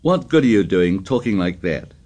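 A man voicing an anxious, stubborn schoolboy who speaks in a shrill, insistent, pleading way. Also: sing-song, moderate pace, a little mellow.

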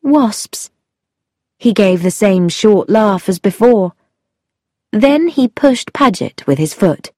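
A woman narrating a first-person story in a measured, deliberate reading voice. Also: medium pitch, animated, a little mellow, dry recording, studio quality. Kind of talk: scripted narration.

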